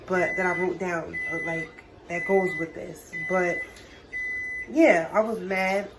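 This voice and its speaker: A woman's voice: lowish voice, steady tone, slow, background noise. Young woman swearing through a storytime vlog. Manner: casual, profane, talks to viewers as y'all. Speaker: vlogger.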